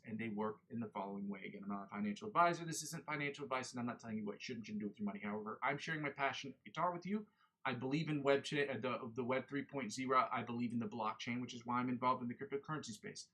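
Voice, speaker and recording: Guy rambling on his guitar stream, talks fast, restarts his sentences a lot. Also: medium pitch, fairly bright tone. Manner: rambling, self-correcting, chatty. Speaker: livestream host, guitarist. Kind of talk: casual livestream chat.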